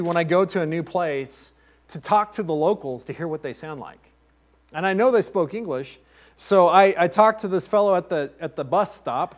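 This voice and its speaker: High-voiced preacher. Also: male voice. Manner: conversational, anecdotal preaching with asides to the congregation. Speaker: pastor. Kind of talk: sermon.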